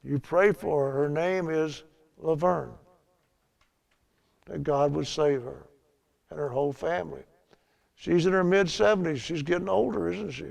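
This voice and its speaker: A man's voice: fairly high pitch, unhurried, vocal fry, long pauses, a little mellow. An older man teaching a Bible lesson in a chatty storytelling way, laughing at his own tales.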